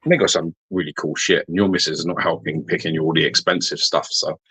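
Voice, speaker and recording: A man's voice: very deep voice, steady tone, fast, pushed and bright, breathy edge, no room sound, poor audio. A man co-hosting a podcast in casual chat, rambling and repeating words, with the odd swear. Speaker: podcast co-host.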